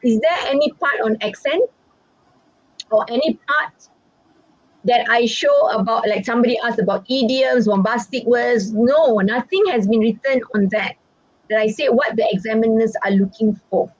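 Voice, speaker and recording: A woman with a Malaysian English accent, giving an exam-preparation English lesson in a chatty, animated way and often checking in with "all right?". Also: on the high side, normal speed, no room sound. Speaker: English teacher and exam examiner. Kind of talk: online exam-prep lesson. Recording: dry, muffled, lo-fi audio.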